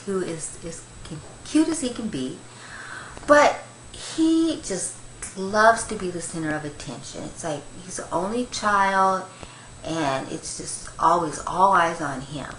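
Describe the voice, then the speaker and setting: An older woman, a grandmother, giving a gentle, rambling devotional talk on Christian meditation, with many fillers. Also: on the low side, lively intonation, measured pace, echoey room, a little hiss or hum, low-quality recording.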